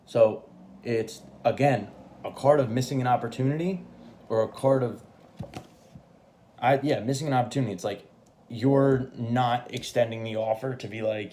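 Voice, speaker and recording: A man's voice: medium pitch, normal speed, pauses often, warm tone, slight background noise. A man giving a casual tarot reading, swearing freely and checking in with "right?" often. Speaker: tarot reader.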